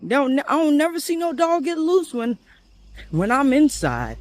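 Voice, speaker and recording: A young man telling a story while walking outdoors, chatty and animated, with nervous asides. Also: very high-pitched, a little slow, slight background noise. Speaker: vlogger. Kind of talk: casual story-time vlog.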